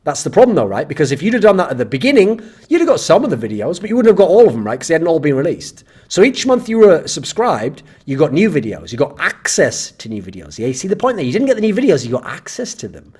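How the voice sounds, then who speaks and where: Male commentator, sarcastic rant, swearing, fairly high voice, animated delivery. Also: fast, few pauses, slightly rough. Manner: sarcastic, exasperated, swears freely. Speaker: esports commentator and channel host. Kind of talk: ranting commentary on viewer comments.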